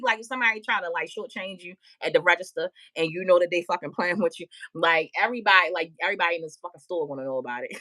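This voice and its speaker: Brief: woman livestream host, low-pitched, bright tense tone, brash and profane. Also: quick pace. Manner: loud, laughing, profane, talks back to chat. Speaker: tarot reader streamer. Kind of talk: casual live-stream chat.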